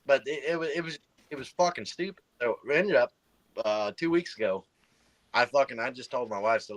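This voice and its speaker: A man's voice: medium pitch, fairly quick, no room sound. A man in his thirties or forties telling a heated personal story in casual chat, swearing constantly.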